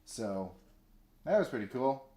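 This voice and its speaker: A man's voice: mid-range voice, sing-song, unhurried, mellow. Rambling male game streamer. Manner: rambling, answers chat, many fillers and restarts. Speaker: livestreamer building in a game. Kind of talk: casual livestream chat.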